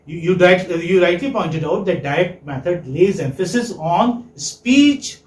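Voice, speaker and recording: Male lecturer, high pitch, quizzes students and repeats points, roomy echo. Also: animated, measured pace. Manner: asks the class questions and praises answers, repeats points. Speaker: English teaching lecturer. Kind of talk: classroom lecture. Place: classroom. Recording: echoey classroom.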